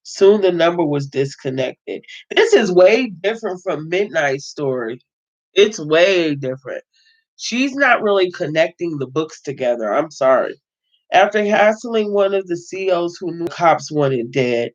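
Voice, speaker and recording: Hosting a casual book reading, a woman with a lowish, animated, slightly mellow voice reads a novel aloud a little slowly. She keeps breaking in with blunt, emphatic remarks, talking back to the text and swearing freely, all in dull lo-fi sound.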